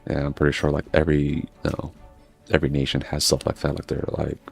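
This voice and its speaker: A man with a very low, gravelly voice talks in a loose, meandering way as he plays. He swears freely and drifts from story to story. His voice is husky, and soft game music plays faintly behind him. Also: completely flat delivery, fast talker. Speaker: gaming streamer. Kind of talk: casual rambling chat while playing.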